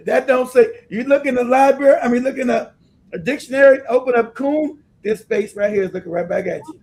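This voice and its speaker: High-voiced, gravelly man ranting. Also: moderate pace. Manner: emphatic, animated, laughs often. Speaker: livestream host. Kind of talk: ranting commentary livestream.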